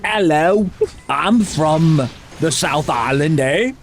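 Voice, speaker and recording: A man's voice: animated, slow pace. A man putting on an exaggerated mock New Zealand accent as a cheerful, joking male New Zealander. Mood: cheery joking. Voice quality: squeaky falsetto, broad and exaggerated. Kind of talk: comic impression in podcast chat.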